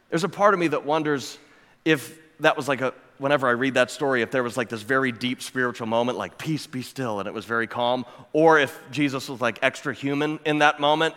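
A man preaching a sermon as pastor, his voice sitting a touch high for a man. He presses his points with repetition and rhetorical questions. The sound rings out with a long reverb, as in a big church sanctuary. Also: sharp tone. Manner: emphatic, building with repeated phrases and rhetorical questions.

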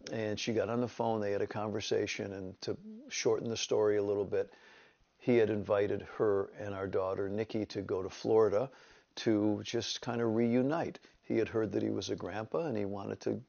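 Older new guy, pastor telling his testimony, kinda lowish voice, dull lo-fi sound. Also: vocal fry. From upstate New York. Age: 70s. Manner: storytelling, lively retelling with quoted voices. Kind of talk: personal testimony.

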